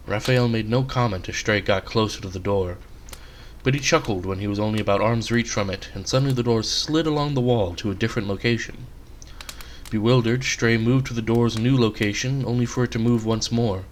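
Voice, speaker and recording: A man reading aloud his own short story, in a relaxed, conversational storytelling manner. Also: fairly low pitch, fairly quick, a little hiss or hum.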